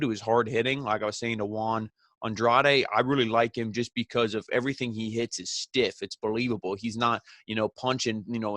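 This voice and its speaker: A man's voice: lowish voice, a bit bright, no room sound. Man rambling through a casual wrestling recap. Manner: rambling, heavy on filler phrases, swears casually. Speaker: wrestling show reviewer.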